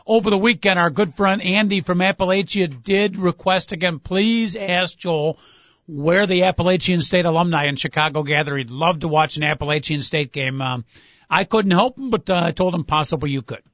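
A man's voice: sits high, normal speed, fairly bright tone, dry recording, muffled recording. A man hosting a casual sports talk show, asking wry, teasing questions. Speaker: host.

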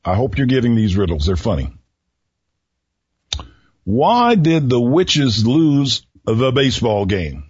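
A male radio host speaks slowly in a husky voice, teasing listeners with riddles in a folksy manner. The recording is dry and somewhat dull, like a small radio studio feed. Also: medium pitch, sing-song, a little mellow, no echo. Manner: slow, folksy, teasing delivery. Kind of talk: solo radio talk with riddles.

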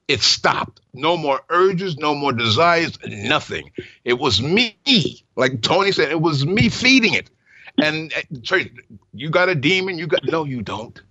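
A man's voice: fairly high pitch, sharp tone, no room sound. A man hosting a Christian call-in radio show, sharing a personal testimony earnestly with stammered restarts. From New York. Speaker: radio talk show host. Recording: muffled broadcast audio.

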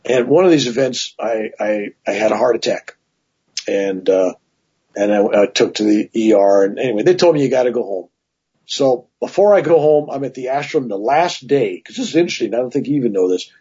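A man appears as a guest in a casual interview, telling long, animated personal stories full of asides and "right?" tags. His voice is medium-pitched and husky, he talks a little fast, and the recording is muffled.

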